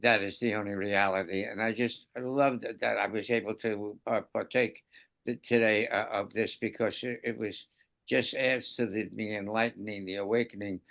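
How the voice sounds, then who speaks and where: A man with a low, gravelly voice shares reflections on a group video call. He speaks earnestly and haltingly, restarting as he looks for words. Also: fairly even intonation, fairly bright tone. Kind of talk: spiritual sharing on a group call.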